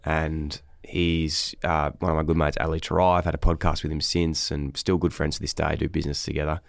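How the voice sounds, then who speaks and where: A man's voice: a bass voice, level tone, fairly quick, vocal fry, no room sound, studio quality. A man with an Australian accent hosting a podcast, telling a long story in a rambling, sweary, casual way. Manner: rambling, swears freely, trails off and restarts. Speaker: podcast host.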